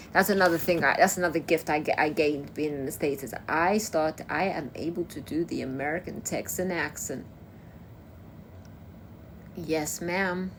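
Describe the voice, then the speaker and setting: A young woman from Kosovo, whose voice sits low, chats casually on a livestream and responds to viewer comments as they arrive. There's a slight hiss or hum in the recording.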